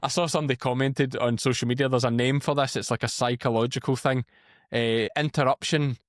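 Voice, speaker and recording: A Scottish man in his thirties, a podcast guest telling lively anecdotes in casual chat. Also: mid-range voice, fairly quick, no echo, clean studio sound. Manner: chatty, animated anecdotes. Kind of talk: casual storytelling.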